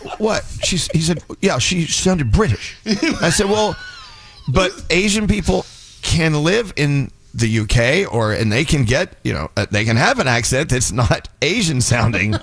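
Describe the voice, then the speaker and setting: A man's voice: on the high side, normal speed. A man hosting a morning radio show, telling stories and laughing through casual banter. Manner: laughing, lively storytelling.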